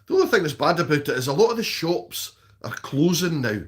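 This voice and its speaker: A man's voice: fairly high pitch, sing-song, brisk. A Scottish man chatting casually on a live stream, reading out viewer comments and answering them. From Scotland.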